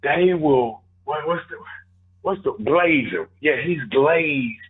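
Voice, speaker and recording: A man co-hosting casual sports talk, joking and exaggerating in an animated way. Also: fairly high pitch, slow pace, phone-quality sound. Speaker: co-host.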